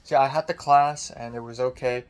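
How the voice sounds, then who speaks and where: A young man, a college student, in a casual video diary, his voice deep and strained after screaming, frustrated and self-critical, swearing often. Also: steady tone, brisk, clean tone. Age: young adult.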